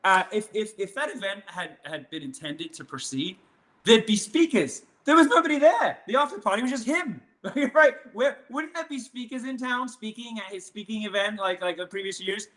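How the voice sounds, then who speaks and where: With a high-pitched, expressive voice that sounds pushed and bright, this interview guest talks at a moderate pace. The conversation is casual, and he rambles through it with many fillers and restarts, mocking and provoking as he goes.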